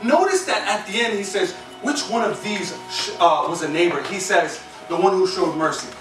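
A man's voice: high-pitched, normal speed, fairly bright tone. A man preaching a sermon as pastor, telling stories in a conversational, humorous way and drawing responses from the congregation. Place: church sanctuary. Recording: echoey hall from far off, with music.

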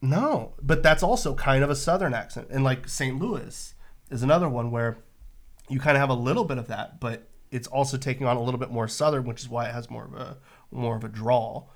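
A man's voice: mid-range voice, fairly quick. A man with a San Francisco Bay Area accent, co-hosting a podcast in casual chat, explaining at length with many fillers and restarts. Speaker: podcast co-host.

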